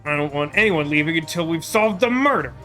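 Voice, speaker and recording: A man reading a stern male detective, video game character, curt commands, bright clear voice. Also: on the high side, expressive, a little fast, soft background music.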